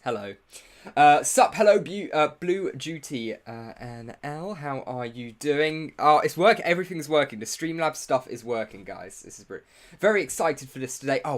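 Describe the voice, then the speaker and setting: A man's voice: a little high, expressive, normal speed. A young man hosting a casual live stream, greeting viewers in the chat and making self-mocking asides while he sets up. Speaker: livestream host.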